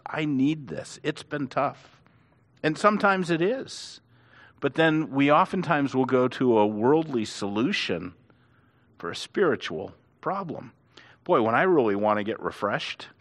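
A middle-aged man, a pastor and author, telling stories about his faith and acting out the voices of the people in them. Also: medium pitch. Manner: animated storyteller who acts out quotes. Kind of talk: storytelling in a faith interview.

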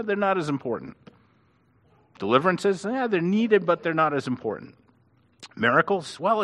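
A middle-aged man, a pastor and author, telling stories about his faith and acting out the voices of the people in them. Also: a little high. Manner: animated storyteller who acts out quotes. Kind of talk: storytelling in a faith interview.

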